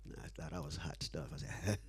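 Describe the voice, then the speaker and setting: A man's voice: rumbling low, a little fast. A man being interviewed who tells a story with animation, acting out the dialogue and laughing often. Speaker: interview guest.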